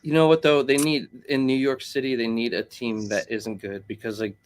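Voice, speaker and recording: A man's voice: mid-range voice, level tone, moderate pace, slight background noise. A man co-hosting a casual sports chat, rambling and filling his talk with "like" and "bro". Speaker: podcast co-host.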